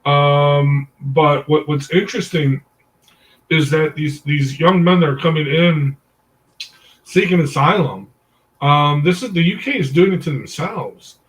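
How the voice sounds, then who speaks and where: A man's voice: a little high, unhurried. A man leading a discussion group, telling a story in a rambling way, full of "um"s, stopping often to correct himself. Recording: voice distant from the mic.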